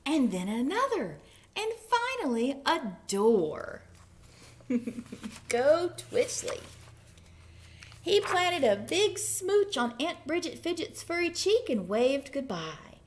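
A woman, a children's librarian, reading picture books aloud at a preschool story time, slow and expressive with playful asides. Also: high-pitched.

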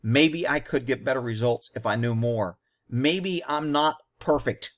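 A man's voice: mid-range voice, a little slow. A man hosting a commentary on a training video, talking bluntly and combatively in short, punchy explanations.

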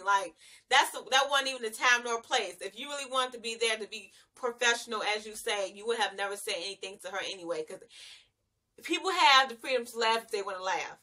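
A woman's voice: fairly high pitch, lively intonation, fairly quick, bright, forceful tone. A young woman, reviewing a reality show in casual, slangy chat and laughing often.

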